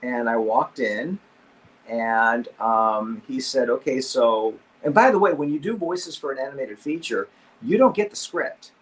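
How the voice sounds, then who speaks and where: A middle-aged man spins a casual story over a video call, his voice sitting in a middle register. He tells it like a performer, jumping into the quotes and squeaky sounds as he goes. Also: expressive, unhurried. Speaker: guest voice actor.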